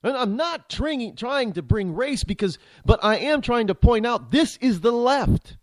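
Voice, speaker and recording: A man's voice: very high voice, very animated, measured pace, dry recording. A man hosting a talk show, delivering a rambling, indignant political commentary monologue full of restarts and repeated words.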